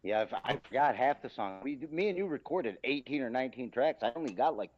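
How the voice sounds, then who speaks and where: A man co-hosting a casual podcast, talking in a relaxed way and repeating phrases for emphasis. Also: mid-range voice, fast, noisy background. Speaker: podcast co-host. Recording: muffled lo-fi audio.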